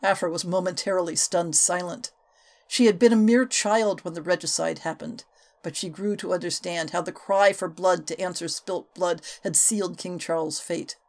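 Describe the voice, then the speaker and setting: A woman reading a historical novel aloud as an audiobook narrator, with expressive, varied delivery. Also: fairly low pitch, normal speed. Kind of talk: scripted narration.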